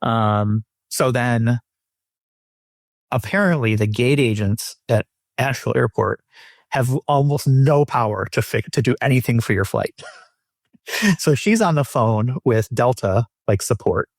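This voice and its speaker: A man hosts a podcast and tells a story in loose, casual chat. He is animated and swears freely, voicing the people he quotes. His pitch sits in the middle and the sound is dry. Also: a little slow, dry recording. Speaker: podcast host.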